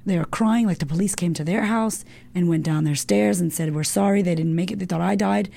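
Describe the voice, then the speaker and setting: Low gravelly woman telling a candid story. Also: a little fast, warm tone. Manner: candid, swears often, fills with "like". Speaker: interview guest. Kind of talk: casual personal storytelling.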